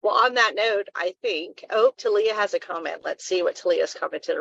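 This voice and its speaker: A woman's voice: mid-range voice, moderate pace, vocal fry, a bit bright, no echo, lo-fi sound. A woman co-hosting a live wellness talk stream, giving earnest advice in a casual, rambling way.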